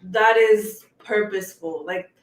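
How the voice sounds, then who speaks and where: A person speaking casually as a guest on a livestream, unhurried and full of fillers like "you know" and "um". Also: mid-range voice, roomy sound, far from the mic.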